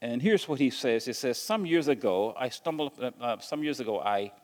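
A man's voice: medium pitch, animated, moderate pace, big-room sound. A man preaching a sermon as pastor, stumbling and repeating words as he goes and asking the congregation questions.

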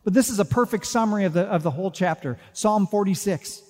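A man preaching a sermon as pastor. He talks earnestly, drops to hushed, quiet phrases and then builds to emphatic declarations. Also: high-pitched, animated, racing. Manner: earnest, shifts from soft hushed asides to rising emphatic declarations. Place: church sanctuary. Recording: long hall reverb.

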